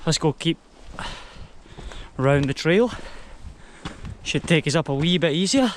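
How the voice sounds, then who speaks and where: A young man with a Scottish accent vlogs his uphill hike in a casual walk-and-talk, taking it slowly in a steady, slightly high voice. A faint hiss or hum sits under the audio, and though of Spanish heritage, he grew up with English first.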